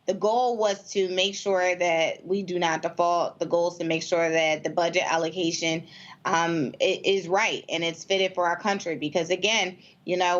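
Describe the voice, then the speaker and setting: Low-pitched American woman panelist. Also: a bit bright, dull audio. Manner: measured, with frequent fillers and restarts. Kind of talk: political discussion.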